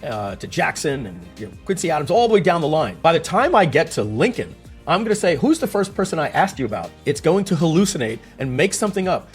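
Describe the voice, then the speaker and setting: A man's voice: high voice, fast talker, faint music behind. A man giving a casual screen-share explanation, telling stories and asking rhetorical questions as he goes. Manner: animated, storytelling, rhetorical questions. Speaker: tech explainer.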